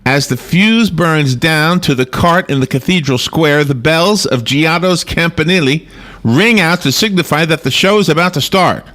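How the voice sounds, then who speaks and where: On a laid-back morning radio show, a male co-host reads out holiday customs and riffs on them, laughing a lot. He speaks at normal speed in a slightly high, somewhat bright voice.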